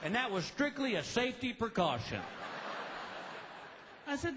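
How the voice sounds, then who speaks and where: Animated man doing stand-up. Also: high-pitched. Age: middle-aged. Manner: lively storytelling, acting out quick voices. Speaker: stand-up comedian. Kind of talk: stand-up comedy routine. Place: large live venue with audience. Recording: live show with crowd noise.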